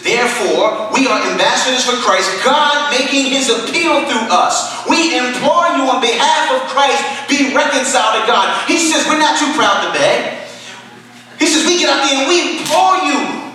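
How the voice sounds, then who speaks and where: A man preaching a sermon, moving between quiet, low explanation and loud, impassioned exhortation. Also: animated, normal speed. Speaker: pastor. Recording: echoey hall, mic at a distance.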